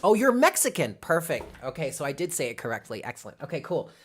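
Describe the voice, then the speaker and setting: Fast-talking and sing-song, with a slightly rough, somewhat bright medium-pitched voice, a tarot reader gives a casual live reading while thinking out loud. She names chat viewers as she greets them and often checks in with "okay?"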